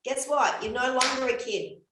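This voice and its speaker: A woman in her fifties co-hosts a casual podcast in a slightly high voice. She talks animatedly, swears freely and acts out little everyday scenes. The room around her sounds echoey. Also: moderate pace, noisy background. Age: 50s. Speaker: podcast co-host and coach.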